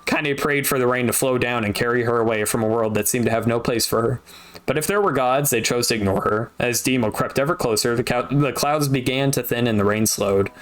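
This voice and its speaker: A man reading a novel aloud on a stream, steady narration broken by wry asides. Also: mid-range voice, brisk. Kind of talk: casual audiobook reading with asides.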